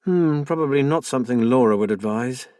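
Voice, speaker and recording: A man voicing a calm, caring middle-aged woman in an audiobook, gentle and practical in tone. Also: mid-range voice, fairly quick, dry recording, studio quality, natural voice. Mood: concerned.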